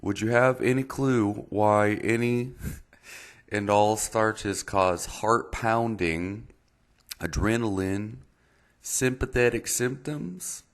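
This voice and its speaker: A man's voice: lowish voice, slow, voice pushed up. A man reading out a message in a put-on Texas accent, voicing a laid-back young Texan guy. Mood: casual. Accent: put-on Texas drawl. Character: casual young Texan guy asking a question.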